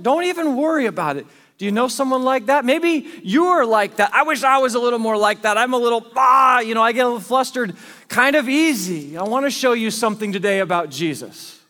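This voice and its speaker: A man's voice: high-pitched, a bit bright, in a large hall. A man preaching a sermon as pastor, telling a scripture story in casual, conversational everyday speech.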